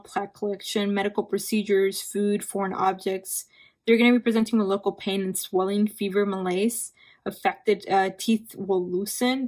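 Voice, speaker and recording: A woman's voice: mid-range voice, a little mellow. Chatty young woman reviewing exam topics. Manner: conversational, repeats key terms, frequent "right?" and "like". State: tired from hours of recording. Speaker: physician assistant student. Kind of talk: casual exam review lecture.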